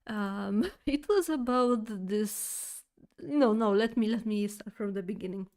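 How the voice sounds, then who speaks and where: A woman streamer telling a story to her chat in an easy, unhurried way. She rambles, trips over her words and restarts often, with plenty of fillers and little giggles. Her voice sits at a middle pitch. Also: a little mellow.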